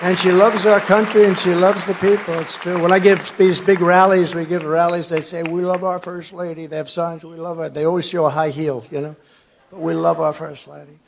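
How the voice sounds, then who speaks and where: An older man gives a rambling rally speech to a big conference crowd. His voice sits high and carries a gravelly edge, and he keeps lurching from loud declarations to low mocking mutters. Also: level tone, brisk, slight background noise. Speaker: political speaker at a conference. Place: large conference hall before an audience.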